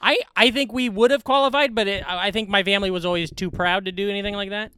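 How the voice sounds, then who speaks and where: A man co-hosting a loose comedy podcast, joking quickly and laughing often. His voice sits high and comes across crisp and clear. The recording is dry and close, with no room sound. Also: fairly even intonation, pushed and bright, no echo. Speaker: podcast co-host. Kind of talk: casual comedy podcast chat.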